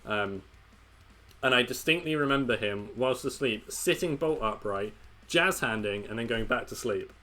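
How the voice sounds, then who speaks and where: A man hosting a casual chat show, easygoing and quick to laugh. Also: medium pitch, animated, bright, forceful tone, faint music behind.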